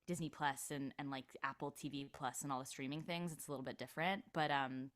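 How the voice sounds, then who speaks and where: Low-pitched bright woman, chatty. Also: steady tone, a little fast. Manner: chatty, lots of "like" fillers. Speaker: actress guest. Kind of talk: casual interview chat.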